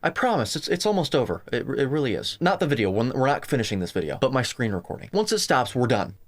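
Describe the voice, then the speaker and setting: A man's voice: medium pitch, big pitch swings, quick pace, heavy background noise. A man hosting a reaction video, exasperated and cursing as he lists his points emphatically. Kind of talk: commentary over a played clip.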